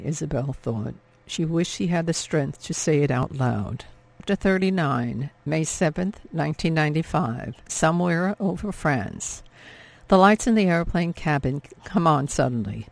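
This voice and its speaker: A man narrating an audiobook in a measured, emotive reading. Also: a little high, gravelly, no echo. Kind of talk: scripted narration.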